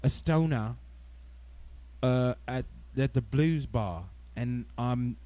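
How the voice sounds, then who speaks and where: A man's voice: mid-range voice, takes it slowly, dark tone. Joking male guest musician. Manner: joking, dry, dad-joke humor. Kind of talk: casual banter livestream.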